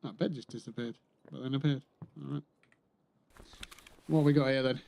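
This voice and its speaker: A man's voice: mid-range voice, fairly even intonation, moderate pace, creaky, darkish tone. Chatty man streaming a game. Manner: chatty, muttering to himself, dry swearing. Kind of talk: casual gameplay livestream commentary.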